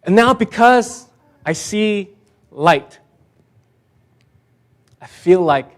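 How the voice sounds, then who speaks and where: Guy preaching an easter sermon in church, tells stories, fairly high voice, gets worked up. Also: very slow, long pauses. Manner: storytelling, animated, self-deprecating, with restarts. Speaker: pastor. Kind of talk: conversational sermon.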